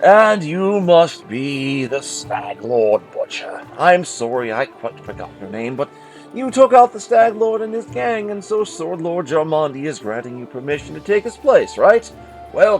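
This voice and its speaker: A man's voice: on the high side, very animated, moderate pace, soft background music, poor audio. A man doing a haughty, bored nobleman. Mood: offhand. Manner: haughty, offhand. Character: arrogant, bored male noble baron.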